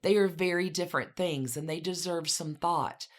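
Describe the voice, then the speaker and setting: A gracious older society lady, as a woman puts her on, measured and gently probing. The voice is low for a woman and stays calm and even. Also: natural voice.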